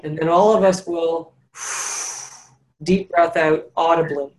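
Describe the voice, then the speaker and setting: Encouraging breathwork coach on a video call. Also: female voice, deep voice, fairly even intonation, darkish tone. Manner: encouraging, instructive, slows down for guided phrases.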